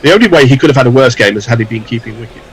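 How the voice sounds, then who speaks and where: A man's voice: mid-range voice, expressive, very fast, breathy edge, rough recording. A man calling live cricket ball by ball, with dry, wry asides between deliveries.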